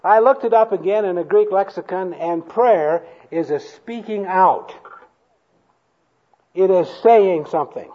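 A man preaching a sermon to a congregation, slow and emphatic, having them repeat lines after him. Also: high voice, lo-fi sound. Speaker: pastor. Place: church hall before a congregation.

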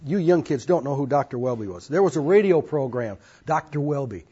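A man's voice: mid-range voice, animated, fairly quick, mellow, breathy edge, dull audio. Older man, earnest folksy storyteller. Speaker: speaker telling his life story. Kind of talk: personal testimony to an audience.

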